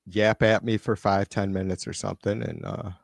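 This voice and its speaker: Through a computer mic on his live stream, a man goes through viewer comments aloud and rants, irritated and profane. His voice runs on the low side with vocal fry and little pitch movement, at normal speed and without echo.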